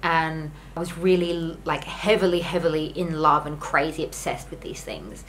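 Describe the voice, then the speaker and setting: A woman's voice: low voice, moderate pace, fairly bright tone, a little hiss or hum, poor audio. A young woman talking candidly to camera in a home vlog, earnest and rambling with lots of "like" fillers. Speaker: YouTuber.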